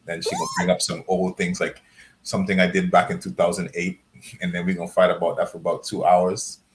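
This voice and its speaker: A man panelist on a live chat, easygoing, with halting starts. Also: low voice, huge pitch swings, a little hiss or hum. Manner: hesitant, easygoing.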